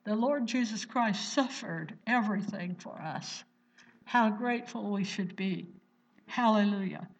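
A woman's voice: medium pitch, measured pace, far from the mic. A woman pastor teaching a Bible sermon, fervently exclaiming praise and putting rhetorical questions to her listeners. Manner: fervent, exclaims "Praise the Lord" and "Hallelujah" often. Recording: dull lo-fi recording.

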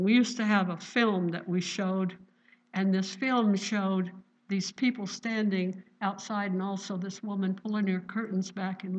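Earnest older woman preaching, lo-fi. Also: medium pitch. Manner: gentle, earnest, conversational with scripture quotes. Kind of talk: sermon. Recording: dull lo-fi recording.

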